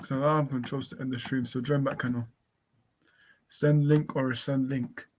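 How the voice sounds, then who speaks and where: A man co-hosting a live stream in casual talk, calling out to a missing co-host and spelling out a link slowly. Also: medium pitch, little pitch movement, darkish tone. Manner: calls out repeatedly, spells slowly. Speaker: livestream co-host.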